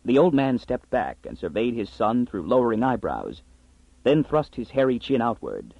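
A man narrating a story in an expressive, scripted reading. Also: medium pitch, moderate pace, vocal fry, slightly rough, dry recording. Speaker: audiobook narrator. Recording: dry, slightly muffled audiobook.

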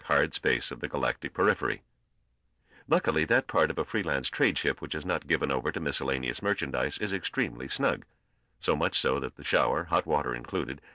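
Very deep-voiced male narrator. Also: pushed and bright, no echo. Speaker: audiobook narrator. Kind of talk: scripted narration.

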